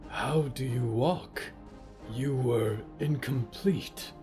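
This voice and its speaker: A man's voice: medium pitch, extremely slow, dark tone, soft background music, pitched above the performer's own voice. A man voicing a stitched, uncanny servant creature who speaks stiffly and formally, with no contractions. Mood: stiff, uneasy.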